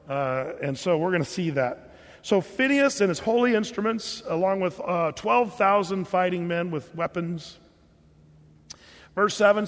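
Storytelling pastor in a reverberant hall. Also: male voice, a little high, a little slow. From California. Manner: storytelling, conversational with filler words and restarts. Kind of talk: sermon.

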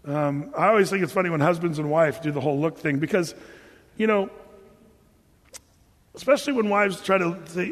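High-voiced joking pastor in a church hall. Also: male voice, brisk, pauses often. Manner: conversational and joking, with lots of asides. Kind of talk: sermon. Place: church sanctuary. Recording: long hall reverb in a church.

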